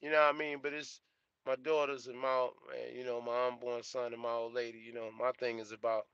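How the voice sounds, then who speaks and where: A man's voice: medium pitch, little pitch movement, a little fast, fairly bright tone, clear, resonant tone, no echo, lo-fi sound. A young man streaming live as a trucker vlogger, chatting casually in a laid-back, slangy way and repeating himself. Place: truck cab.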